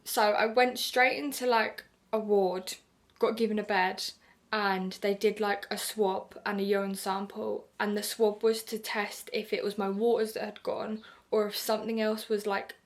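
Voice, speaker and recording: A woman's voice: mid-range voice, flat delivery, moderate pace. A young woman from the UK talks to camera with a British accent, chatty and unguarded. She spills her story in a casual, candid rush, full of fillers and little acted-out reactions. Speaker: vlogger.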